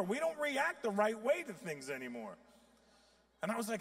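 A man in his fifties performing profane stand-up comedy on stage, with sudden loud, high outbursts. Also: huge pitch swings, normal speed, long pauses. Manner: profane storytelling.

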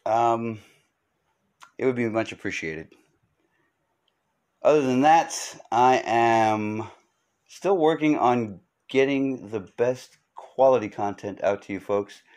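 A man's voice: mid-range voice, slow pace, pauses often, darkish tone. A man hosting his own podcast, giving a rambling comedic monologue full of wry asides and fillers. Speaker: podcast host.

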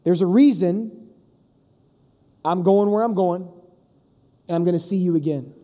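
A man's voice: sits high, measured pace, dark tone. A man doing a breezy, patient teacher breaking hard news. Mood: matter-of-fact. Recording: long reverb of a large hall.

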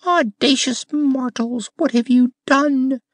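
A chorus of talking roses, soft voices, high and strained, scornful, storybook audiobook. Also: male voice, steady tone, slow, no echo, exaggerated voice. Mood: indignant. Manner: demanding and scornful. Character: chorus of proud rebellious rose subjects.

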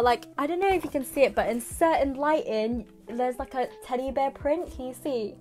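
A young woman, unboxing a parcel in a casual vlog, giddy and excitable with exaggerated reactions. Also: a little high, brisk, few pauses, soft background music. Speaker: manga vlogger.

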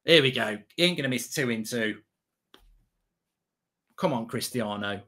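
A man giving excitable, sweary live reaction commentary as a streamer, half talking to himself. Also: medium pitch, measured pace.

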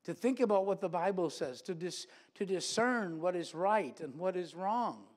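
A man's voice: high voice, lively intonation, moderate pace. A man preaching a sermon in a church, earnest and repeating phrases for emphasis.

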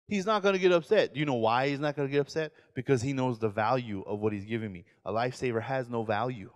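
A man in his forties, a pastor giving a lively sermon lecture, acting out quoted voices and questioning his audience. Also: medium pitch, fast, hardly any pauses, long reverb tail. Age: 40s.

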